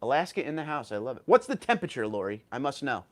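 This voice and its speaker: A man's voice: mid-range voice, sing-song, quick pace. A man in his thirties hosting a casual livestream, reading viewer chat messages aloud and answering them, a little tired and stumbling over words now and then. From New York. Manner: chatty, reads chat messages aloud and replies.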